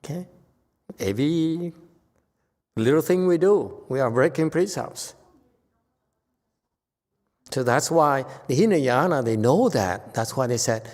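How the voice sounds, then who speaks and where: Male Buddhist teacher, animated dharma talk, long temple-hall reverb. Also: mid-range voice, slow pace, pauses often. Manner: animated, emphatic, voices dramatic quotes. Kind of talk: dharma lecture.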